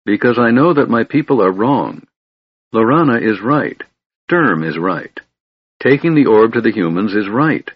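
A man's voice: fairly low pitch, expressive, unhurried, breathy edge, no room sound, muffled recording. A man voicing an anguished young elf lover. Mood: pleading. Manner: earnest, pleading.

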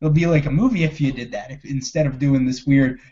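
A man co-hosting a casual movie review chat, animated and profane, quoting scenes in put-on voices. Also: medium pitch, fairly quick, dull audio. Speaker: podcast co-host.

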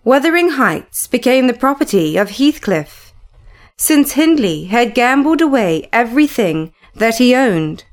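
Slow, measured woman narrating a classic. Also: on the high side, sing-song. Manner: measured, unhurried storytelling. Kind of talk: audiobook narration of a classic novel.

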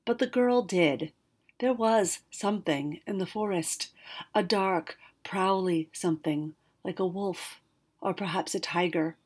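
A woman narrating a fantasy storybook aloud, expressive, with occasional slips and restarts. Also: lowish voice, measured pace, breathy edge.

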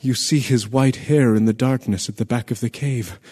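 An actor playing a messenger in a radio play, telling a terrible event urgently and vividly. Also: male voice, mid-range voice, normal speed, a little mellow, husky, natural voice. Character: breathless male messenger bearing terrible news.

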